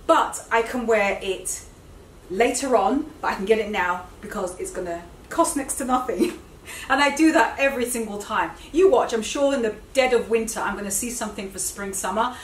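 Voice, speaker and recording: A chatty, enthusiastic woman in middle age, talking to camera from her home and tripping over her own sentences as she corrects herself. Her voice sits a little high and carries an airy room echo, picked up from a step back from the microphone. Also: moderate pace, a little hiss or hum. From Britain. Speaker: fashion vlogger. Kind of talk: casual chat to camera. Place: indoors at home. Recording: roomy, slightly distant home recording.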